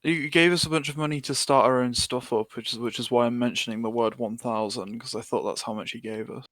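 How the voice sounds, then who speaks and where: A man at an ordinary pitch rambles as a player in a tabletop game, restarting his sentences as he thinks aloud. The sound is dry and close. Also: fairly even intonation, brisk, fairly bright tone, no room sound. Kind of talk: casual tabletop game chat.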